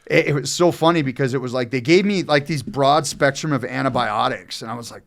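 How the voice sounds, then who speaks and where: A man's voice: medium pitch, brisk, gravelly, few pauses. A middle-aged man casually telling a long, rambling story on a podcast, swearing often and talking loosely. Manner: rambling, profane, loose and animated.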